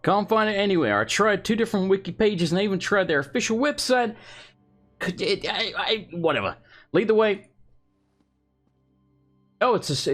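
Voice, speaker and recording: A young man commentating on his gameplay, rambling, exasperated, and talking to himself as he goes. His pitch swings widely, with quick rises and falls. Faint music plays under his voice. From England. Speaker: let's play host.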